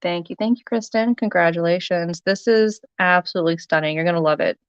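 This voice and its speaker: Woman, livestream jewelry seller, chatty with frequent ums, smooth lowish voice, dry slightly dull recording. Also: a little fast, no room sound. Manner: chatty, many ums, thanks viewers by name. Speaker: live-sale jewelry seller. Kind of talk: casual livestream selling.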